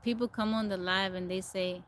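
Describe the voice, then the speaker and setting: A woman's voice: mid-range voice, steady tone, normal speed, a little hiss or hum. A woman from Texas chatting casually on a phone livestream, laughing often and answering viewer comments. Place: outdoors in nature.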